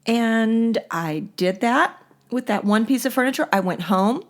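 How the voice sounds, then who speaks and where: A middle-aged woman hosting a casual monologue, chatty and lively, laughing often as she tells stories. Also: medium pitch, moderate pace. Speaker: podcast host.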